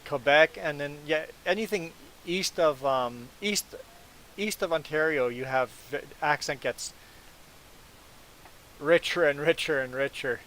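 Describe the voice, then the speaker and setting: A man's voice: fairly high pitch, measured pace, fairly bright tone, a little hiss or hum, rough recording. A man hosting a casual gaming livestream, chatting with viewers, laughing often and stumbling through restarts as he explains things. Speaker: livestream host.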